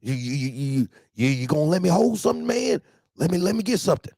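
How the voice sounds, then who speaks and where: A man's voice: on the high side, big pitch swings, fast, creaky, dark tone, no room sound, studio quality, voice pushed up, heavily acted. A man voicing a pleading, evasive man who begs for money and keeps repeating himself. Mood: wheedling.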